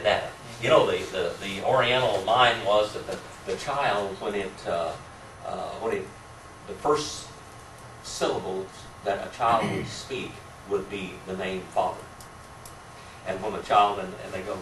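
A man's voice: lowish voice, steady tone, unhurried. A man teaching a church Bible class, asking the class questions and chuckling between points. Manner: asks the class questions, chuckles often, warm teasing. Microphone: room mic from a distance. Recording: roomy distant amateur recording with faint hiss.

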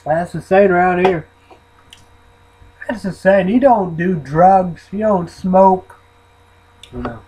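Rambling guy vlogging, swears a lot, husky, kinda high voice. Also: dark tone, low-quality recording. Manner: rambling, profane, trailing off into mumbles. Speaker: vlogger reviewing an energy drink. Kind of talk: rambling casual vlog.

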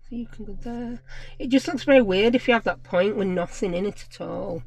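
A woman's voice: mid-range voice, a little fast, creaky, darkish tone. Chatty woman crafting. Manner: chatty, muses aloud to herself. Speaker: craft channel host. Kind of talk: casual crafting chat.

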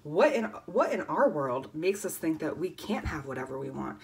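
A woman in her thirties on a motivational livestream, talking fervently and swearing constantly, swinging between loud emphasis and near-whispers. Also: low voice, sing-song, moderate pace. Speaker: life coach.

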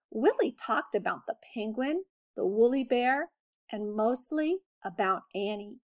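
A woman teacher reading a children's picture book aloud with expressive storytelling. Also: a little high.

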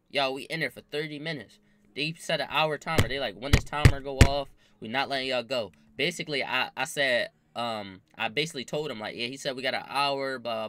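A young man telling a story in casual slang, acting out the voices of the people in it. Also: mid-range voice. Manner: animated, acts out quoted voices, slangy.

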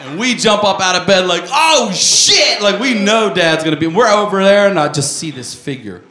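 A male stand-up comedian from the United States, telling a crude, animated story on a comedy club stage into a handheld mic. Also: high voice, fairly quick, a little hiss or hum. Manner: animated storytelling, crude jokes, bursts into shouted voices. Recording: live club recording, roomy, loud audience laughter.

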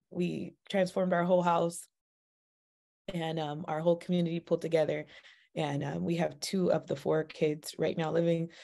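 A woman telling a personal faith story in a chatty, animated way, with sudden jumps in pitch and speed and plenty of "like" and "you know.". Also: creaky. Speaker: mother sharing a personal testimony. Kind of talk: casual faith testimony storytelling.

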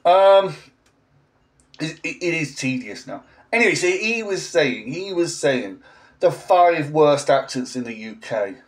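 A man's voice: on the high side, very animated, measured pace. Indignant man in his forties, ranting. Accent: English. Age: 40s. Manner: sarcastic, indignant and blunt. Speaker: language teacher. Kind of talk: ranting vlog monologue.

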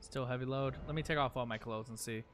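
A male game streamer keeps up a fast, chatty commentary on his live gameplay, ribbing himself and muttering repeated phrases. His voice is medium-pitched, steady and a bit bright, with slight noise in the background.

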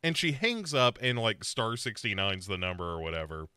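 A man's voice: on the low side, normal speed, clean tone, no room sound, clean studio sound. A man co-hosting a podcast, recapping a horror series in casual chat and acting out characters' lines. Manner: animated storyteller, acts out characters' lines. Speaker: podcast co-host.

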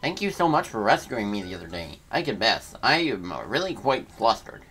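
A man's voice: on the low side, very animated, moderate pace, fairly bright tone, faint music behind. A man voicing a polite, flustered male treasure appraiser in a formal, put-on accent, reading game dialogue aloud. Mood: courteous.

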